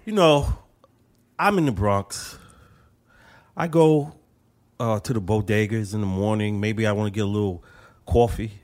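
A man telling stories slowly and with animation, full of street slang. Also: fairly low pitch. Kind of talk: casual chat.

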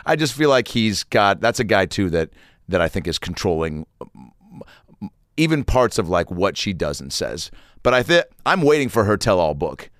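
A middle-aged man hosts a podcast and tells stories in casual chat. His voice sits low but rises and falls a great deal as he acts out little voices of the people in each story. The sound is close and dry. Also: big pitch swings, normal speed, no room sound. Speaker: podcast host.

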